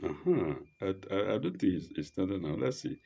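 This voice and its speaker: Deep-voiced man leading a scripture study, halting, sing-song delivery. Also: very animated, gravelly, warm tone, slightly rough. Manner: reads aloud haltingly, repeats and corrects himself; reads Arabic phrases aloud slowly. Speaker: religious teacher. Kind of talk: slow scripture study commentary.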